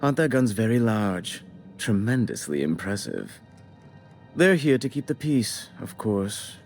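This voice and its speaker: An actor playing a prim, self-pitying corporate official in a video game, speaking in clipped, theatrical formal diction. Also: male voice, on the low side, wildly swooping pitch, unhurried, faint music behind, heavily acted. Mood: fussy. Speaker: corporate board representative. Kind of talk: video game character dialogue.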